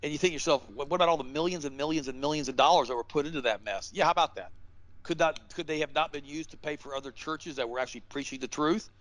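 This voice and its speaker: A man's voice: a little high, fast talker, a bit bright, dry recording, low-quality recording. A man speaking as a guest on a show, delivering his points in a fiery, emphatic, preacher-like way with repeated rhetorical questions. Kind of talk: impassioned interview talk.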